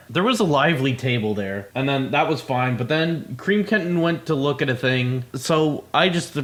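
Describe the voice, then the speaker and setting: A man's voice: medium pitch, lively intonation, unhurried. A man from Canada telling a rambling, profane story casually on a stream.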